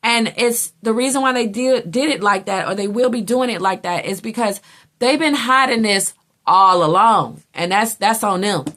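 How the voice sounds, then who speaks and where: A woman's voice: mid-range voice, normal speed, a bit bright. A woman giving a casual tarot reading, blunt and chatty, who swears freely and acts out what other people say. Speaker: tarot reader.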